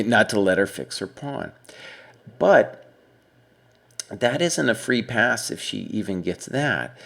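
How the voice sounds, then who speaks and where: A man's voice: on the low side, vocal fry, a bit bright. A middle-aged man coaching chess, talking through a student's game in a casual, thinking-aloud way. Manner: conversational, thinks aloud with fillers and asides. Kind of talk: casual spoken game analysis.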